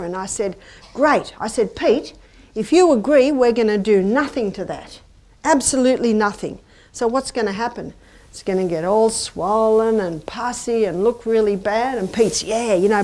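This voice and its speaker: A woman's voice: mid-range voice, a little mellow. A middle-aged woman giving a chatty, anecdotal health lecture to a live audience and asking them questions. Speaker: health presenter.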